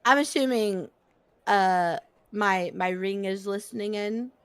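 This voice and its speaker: A woman playing in an online tabletop game, describing her character with hesitant pauses. She speaks slowly. The sound is dry and close. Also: medium pitch, clean tone, dry recording. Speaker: player.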